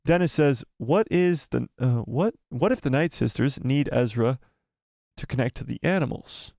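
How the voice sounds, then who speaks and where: A man hosting a live stream, reading chat messages aloud and answering them excitedly. He repeats phrases for emphasis, and his voice is starting to go. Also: medium pitch, moderate pace, creaky, no echo, clean studio sound. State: losing his voice.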